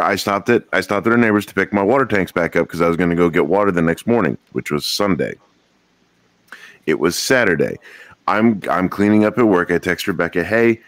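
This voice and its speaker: Podcast co-host, male, low voice, dry close mic, joking and rambling delivery. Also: expressive, brisk, dry recording. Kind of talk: casual chat, storytelling.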